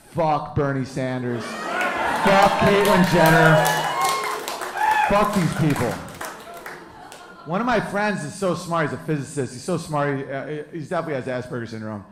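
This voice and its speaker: A man's voice: on the high side, roomy sound, noisy background. A man in his thirties doing a brash, crude stand-up set on a club stage, riffing with the crowd. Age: 30s. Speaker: stand-up comedian.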